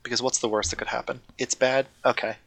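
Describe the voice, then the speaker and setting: Gravelly, bright-voiced man chatting eagerly. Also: medium pitch, little pitch movement, quick pace. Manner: enthusiastic, rambling, self-correcting. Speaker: podcast co-host. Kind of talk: casual podcast chat.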